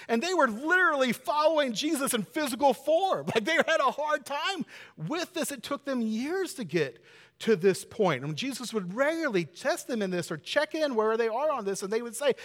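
A man preaching a sermon in a church sanctuary, talking conversationally and earnestly, building to loud emphatic peaks. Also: very high-pitched, big-room sound. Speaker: pastor.

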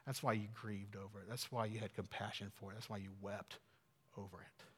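A man preaching a sermon in an earnest way, dropping to hushed tones and then building to emphatic peaks. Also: on the low side, little pitch movement, fairly quick, slightly rough. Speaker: pastor. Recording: long hall reverb.

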